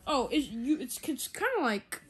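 A woman's voice: high voice, big pitch swings, normal speed, breathy edge, full character voice. A woman voicing a shy tomboy animatronic with floppy ears in a plushie video role-play, hesitant and stammering.

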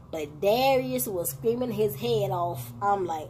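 Slow, animated woman vlogger chatting. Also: medium pitch, slight background noise. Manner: animated storytelling, addresses viewers as y'all, laughing asides. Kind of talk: casual reaction chat.

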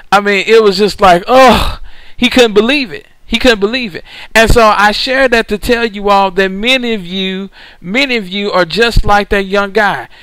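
Male preacher, high smooth voice, dry close sound, repetitive emphatic delivery. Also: fairly bright tone, no room sound, low-quality recording. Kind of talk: recorded sermon.

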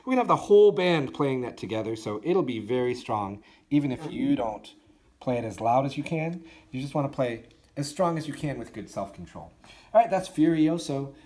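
A man's voice: mid-range voice, expressive, normal speed, darkish tone. A man teaching a school band part, counting aloud and singing the notes, with encouraging talk for his students. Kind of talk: instructional walkthrough for students.

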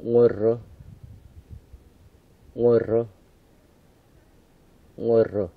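A man from the Wadeye area of northern Australia, slowly repeating single words three times each for a field recording. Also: mid-range voice, level tone, no echo. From Wadeye area, Northern Territory, Australia. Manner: says each word three times, slow and deliberate. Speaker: language speaker repeating words. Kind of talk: slow careful word repetition for recording. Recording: tinny lo-fi 1990 field tape.

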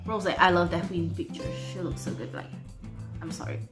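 A woman with a somewhat low voice casually reacts on camera, talking hesitantly and laughing off her guesses. The room rings with echo, and faint music plays behind her. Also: little pitch movement, moderate pace. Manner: unsure, muttering guesses, frequent laughs. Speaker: reaction video host.

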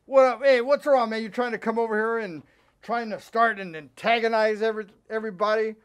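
A man hosting a horror show, doing comic banter and swinging from shouts to mumbles. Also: high voice, steady tone, fairly quick, clean tone.

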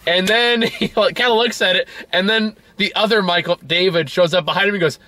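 Bright-voiced man chatting about movies. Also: sits high, fairly quick, no echo. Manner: rambling, laughs often, frequent fillers. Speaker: movie review co-host. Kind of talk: casual movie review chat.

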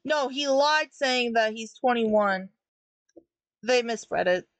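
Reading through a comic, this young webtoon reviewer offers casual, critical commentary, frequently breaking into laughter. She speaks slowly in a voice on the high side, captured in a dry recording.

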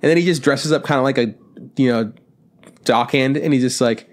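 A young man co-hosting a podcast in casual chat, retelling funny scenes with loose swearing and quick put-on voices. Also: mid-range voice. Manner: loose, profane, acts out scenes in quoted voices. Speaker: podcast co-host.

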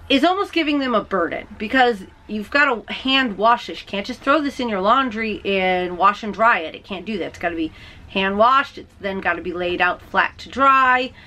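A woman's voice: on the high side, sharp tone. Bubbly woman chatting to her camera. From Texas. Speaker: podcast host. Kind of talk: casual video podcast chat.

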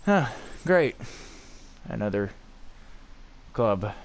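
A man's voice: fairly low pitch, big pitch swings, extremely slow. A young man giving live commentary on his own hockey video game, swearing and raging at his teammates. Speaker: gaming YouTuber.

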